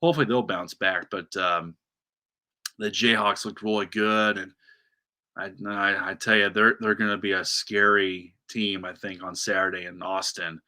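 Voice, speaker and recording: Bright-voiced ranting sports podcast man. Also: low voice, normal speed. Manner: animated, ranting, many restarts. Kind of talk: solo sports podcast rant.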